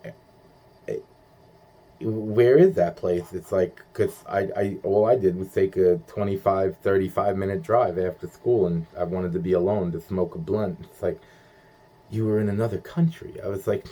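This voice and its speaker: A man's voice: deep voice, steady tone, moderate pace, dark tone. A young man rambling in a profane monologue, stumbling through restarts and acting out quoted voices.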